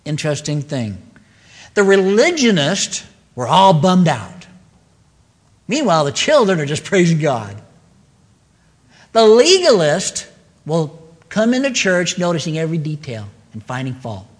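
Male pastor, earnest preacher, slightly high voice, long church-hall reverb. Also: big pitch swings, measured pace, long pauses. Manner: earnest preaching with emphatic repeated phrases. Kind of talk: sermon.

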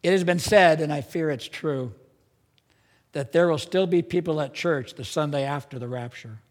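A man's voice: a little high, moderate pace. Earnest male pastor in a reverberant hall. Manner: earnest, emphatic, rising to strong peaks. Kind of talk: sermon. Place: church sanctuary. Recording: church hall with long reverb.

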